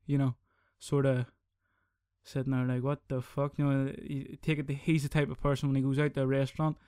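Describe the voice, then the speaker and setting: Sweary podcast host. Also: male voice, mid-range voice, fairly quick, clean tone, no room sound, studio quality. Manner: sweary, rambling, animated. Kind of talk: casual solo podcast rant.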